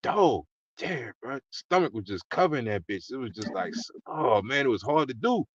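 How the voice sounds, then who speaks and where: A man hosting a podcast, telling stories in casual, heavily profane, animated chat. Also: mid-range voice, moderate pace, a crowd in the background. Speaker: podcast host. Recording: muffled with clear background noise.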